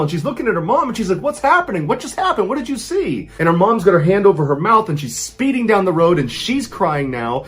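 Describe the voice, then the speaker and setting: Animated male horror storyteller. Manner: dramatic, drops to a hush for tense moments and rises high for panicked quotes. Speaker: narrator of true scary stories. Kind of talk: storytelling narration.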